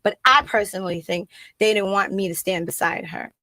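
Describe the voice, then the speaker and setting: A middle-aged woman with a Brooklyn accent talks bluntly and with animation as an interview guest. Her voice sits at an ordinary pitch, and the sound is dry and close. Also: a little fast, sharp tone, dry recording, rough recording. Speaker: rapper guest. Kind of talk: casual interview storytelling.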